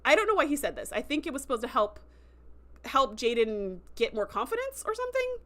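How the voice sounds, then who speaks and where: A woman hosting a casual livestream review, chatty and enthusiastic, with lots of fillers and quick acted-out quotes. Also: sits high, big pitch swings. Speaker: show host recapping a TV episode.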